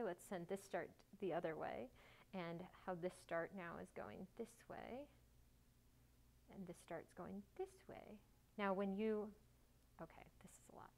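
Chatty woman demonstrating sewing steps. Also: fairly low pitch. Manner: chatty, self-mocking, bursts of excitement. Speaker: sewing tutorial host.

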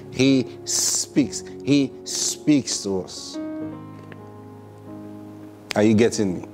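A male pastor preaching a sermon, driving points home with emphatic rhetorical questions and acting out prayers in quoted voices. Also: fairly high pitch. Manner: acts out prayers and replies in quotes.

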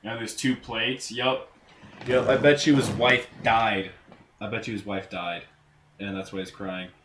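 A man giving casual gameplay commentary, crude and full of swearing, with sudden loud outbursts. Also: fairly low pitch, fairly even intonation, measured pace. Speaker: let's play gamer. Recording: roomy echo, faint noise.

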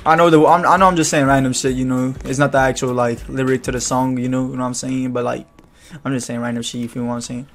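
A man's voice: mid-range voice, flat delivery, fast, faint music behind. A man doing casual gameplay commentary, hyped and trash-talking in profane banter. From Louisiana, USA. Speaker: gaming YouTuber.

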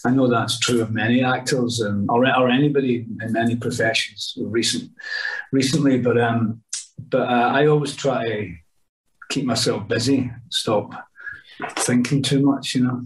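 A man's voice: mid-range voice, steady tone, moderate pace. A middle-aged Scottish man, an actor, telling rambling anecdotes on a podcast, with lots of restarts and asides. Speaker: actor guest. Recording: voice a bit distant from mic.

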